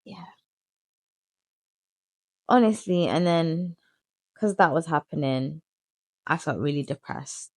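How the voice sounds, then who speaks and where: Low-voiced woman telling her story. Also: slow, long pauses, dry recording, clean studio sound. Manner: candid, animated, with slang and crude asides. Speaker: vlogger. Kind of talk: storytime vlog.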